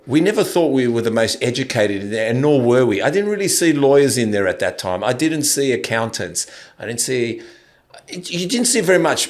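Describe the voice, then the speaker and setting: Rambling Australian man in his fifties. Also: medium pitch. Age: 50s. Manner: rambling, loose, with restarts and laughs. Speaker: podcast host. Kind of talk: casual interview chat.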